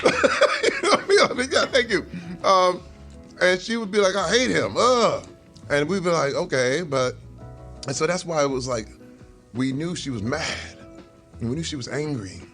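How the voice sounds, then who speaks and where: A man's voice: fairly high pitch, sing-song, moderate pace, sharp tone, soft background music. A middle-aged man, a guest in an interview, talking over a meal in an earnest, reflective way and chuckling now and then. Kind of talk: casual conversation over a meal.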